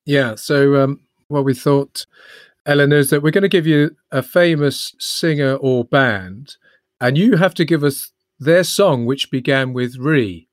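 A man's voice: medium pitch, a little slow, dry recording, clean studio sound. A man co-hosting a podcast, running a music quiz and giving rambling clues with a laugh. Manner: jokey, laughs often, gives rambling clues. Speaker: podcast co-host and quizmaster. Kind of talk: casual quiz chat.

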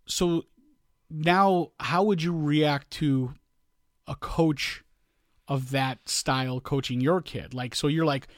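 A man's voice: fairly high pitch, slow pace, dry recording, studio quality. A man co-hosting a podcast in casual chat, rambling and often restarting his sentences while he hunts for words. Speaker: podcast co-host.

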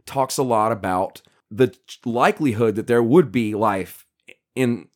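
A man's voice: medium pitch, measured pace. A man co-hosting a podcast, explaining a book's ideas in a rambling casual chat with many fillers and restarts. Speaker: podcast co-host.

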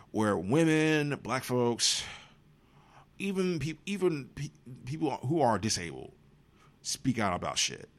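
A man's voice: on the low side, fairly bright tone. A man hosting a podcast, giving profane, sarcastic commentary on movie news. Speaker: podcast host.

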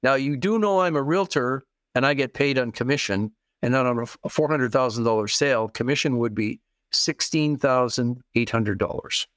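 A man's voice: medium pitch, normal speed, fairly bright tone, no room sound. Man explaining real estate deals, dry sound. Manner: plain, repeats key phrases, acts out quoted people. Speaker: real estate investing guest expert. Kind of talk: interview, explaining with worked examples.

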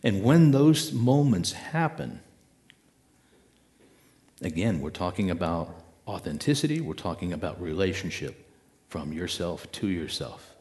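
A man giving a spiritual talk to an audience, reflective and unhurried, with dramatic pauses and acted-out inner voices. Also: low-pitched, big pitch swings, darkish tone. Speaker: speaker.

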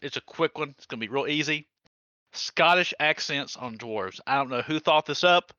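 A man talks casually on a podcast, joking and rambling as he goes. His voice is bright and fairly high for a man. The recording is dry and a little dull, like lo-fi podcast audio. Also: normal speed, clean tone, dry recording. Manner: joking, rambling, laughs often. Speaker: podcast co-host. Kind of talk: casual chat.

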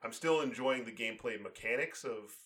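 A man's voice: mid-range voice, fairly quick, fairly bright tone. A man in casual chat, talking in a rambling way and filling his sentences with "like" and "um". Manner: rambling, full of "like" and "um".

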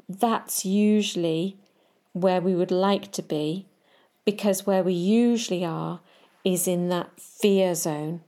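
A woman riding coach giving calm, measured advice straight to the listener in a podcast talk. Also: on the low side.

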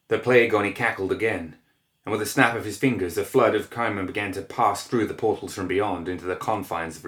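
A man narrating a dark fantasy story in a measured, descriptive reading. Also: sits low. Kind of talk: scripted narration.

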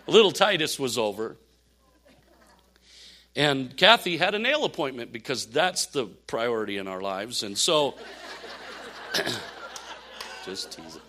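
An older man preaching a sermon, telling animated stories with laughs and asides. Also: medium pitch, measured pace, pauses often. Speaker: pastor.

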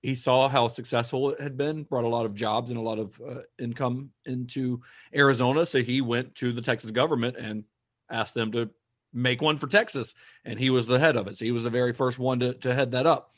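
A man co-hosting a podcast, retelling researched history in a casual, steady way with dry asides. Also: mid-range voice, fairly quick. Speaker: podcast co-host.

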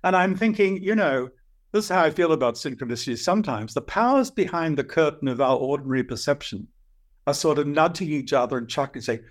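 An older man with an Australian accent, a guest telling animated stories and acting out voices. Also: on the high side, fairly quick. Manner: lively anecdotal storyteller, acts out voices. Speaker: guest, dream teacher. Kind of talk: animated storytelling.

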